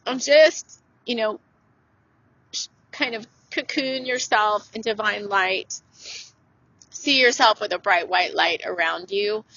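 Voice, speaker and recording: A woman's voice: on the high side, pushed and bright, no echo, muffled recording. A woman hosting a solo spiritual talk show, speaking in an earnest, gushing, emotional way. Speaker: spiritual podcast host, channeler.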